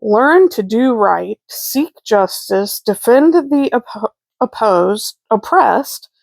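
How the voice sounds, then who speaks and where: Brief: earnest young boy bear scout leader, steady and sensible, slightly high, read by a woman. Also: slow pace, vocal fry, no echo, full character voice. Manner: earnest, quotes scripture.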